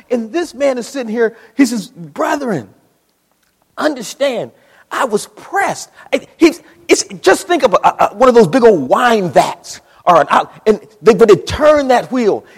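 A man preaching a sermon in a church, dramatic, dropping to a hush and rising to shouts. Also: high-pitched, breathy edge, big-room sound. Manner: dramatic, swings between hushed and shouting. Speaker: pastor.

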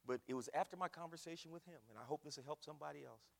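A man preaching a sermon, dropping to hushed storytelling and rising to loud preaching. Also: fairly high pitch, very fast, vocal fry, long reverb tail. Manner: folksy, addresses the congregation as y'all.

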